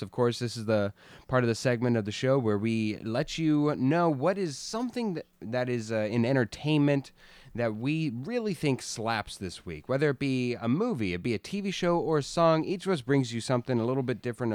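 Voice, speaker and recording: A man's voice: mid-range voice, lively intonation, moderate pace, clear, resonant tone, no echo. A young man co-hosting a podcast from his room, joking and teasing in casual talk. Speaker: podcast co-host.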